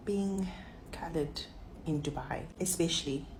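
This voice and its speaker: A soft-spoken South African woman with a lowish voice tells a casual story in a vlog. She sounds a little away from the phone, and heavy background noise runs under her. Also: unhurried. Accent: South African, not Cape Town.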